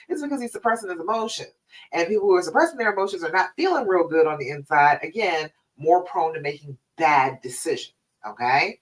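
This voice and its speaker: A woman's voice: lowish voice, expressive, fairly quick, distant mic, low-quality recording. A woman hosting a live stream as a relationship coach, talking in a casual, conversational way and often checking in with "all right?".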